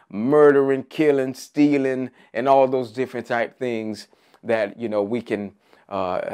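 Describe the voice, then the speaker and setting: A man's voice: medium pitch, darkish tone, clean tone. Emphatic man preaching an Easter sermon. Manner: emphatic preaching with rising, repeated phrases; frequent "uh" fillers.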